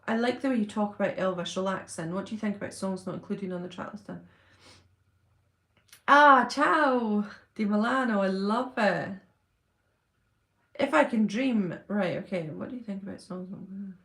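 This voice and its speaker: A woman talks into her phone from a room at her mother's house. She reads viewer comments aloud and answers them in a casual, chatty way, at a middling pitch for a woman. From United Kingdom. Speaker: channel host. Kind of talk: casual livestream chat with viewers.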